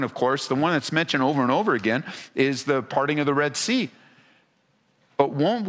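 A man's voice: medium pitch, fairly bright tone, big-room sound. A man preaching as a pastor to a congregation, talking in a conversational way and firing off rhetorical questions with frequent restarts. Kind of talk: sermon. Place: church hall before a congregation.

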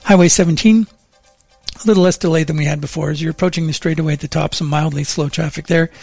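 A man's voice: fairly high pitch, quick pace, gravelly, dry recording, soft background music. A middle-aged man on morning radio, chatting wryly with his co-host and then reading traffic and weather from a studio mic. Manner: chatty, wry, then steady report reading. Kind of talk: casual radio chat and traffic report.

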